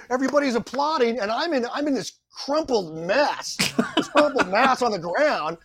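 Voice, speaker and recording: High-voiced middle-aged actor telling stories. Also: male voice, breathy edge. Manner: animated, self-deprecating, acts out quotes. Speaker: guest actor. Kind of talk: anecdotal storytelling.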